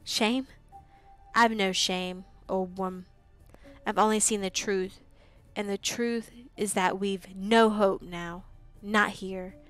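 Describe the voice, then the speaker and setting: A wounded orc dragon rider, beaten and hopeless, bellows his words, as a woman reading aloud puts him on. The voice stays smooth, with faint music in the background. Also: medium pitch, fairly even intonation, slow. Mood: bellowing despair. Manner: loud, bellowing.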